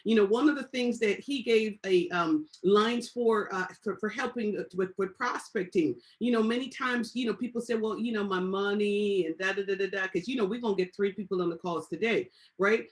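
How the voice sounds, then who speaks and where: Brief: woman, business coach on a group call, preacherly, repeats key lines, mid-pitched voice with big surges of volume. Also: moderate pace. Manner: preacherly, repeats lines for emphasis, swings loud and high. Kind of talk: motivational teaching on a group call.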